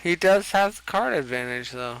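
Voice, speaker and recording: Rambling, gravelly young man swearing at a game. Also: on the high side, expressive, moderate pace, a bit bright, a little hiss or hum, poor audio. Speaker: streamer. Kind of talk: casual gaming commentary.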